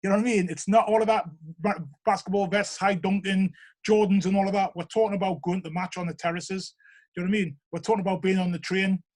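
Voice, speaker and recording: A man's voice: high-pitched, quick pace. A middle-aged man from Newcastle with a Geordie accent, rambling through casual stories in an interview and often asking "you know what I mean?". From Newcastle, England. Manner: rambling, animated, lots of 'you know what I mean'. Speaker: interviewee, show regular.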